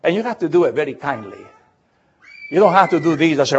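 A man preaching a sermon as pastor, emphatic, repeating words and slowing down to read scripture aloud. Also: fairly high pitch, sing-song, darkish tone, a little hiss or hum. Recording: dull lo-fi recording.

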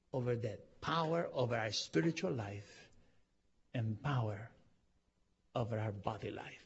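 A man pastor preaching a sermon, impassioned, with non-native phrasing, rising to loud cries. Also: medium pitch, husky, muffled recording. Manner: impassioned, swelling to loud cries on key lines. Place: church auditorium.

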